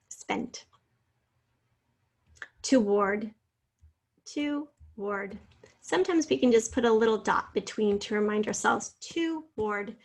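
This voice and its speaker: A woman teacher going over a spelling test answer key, patiently sounding out letters and encouraging her students. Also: a little high. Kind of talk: spelling lesson narration.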